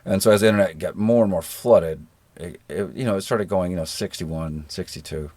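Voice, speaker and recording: A middle-aged man with a generic American accent, a guest in a relaxed interview, telling stories in an easygoing, self-deprecating way. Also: low voice, a little fast, no echo. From rural Georgia, American South. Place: living in New Zealand.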